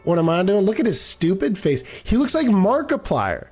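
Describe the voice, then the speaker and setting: A man with a high, very animated, slightly mellow voice streams a game over soft background music. Chatting casually as he reads his chat, he rambles, gets distracted, and trails off mid-sentence.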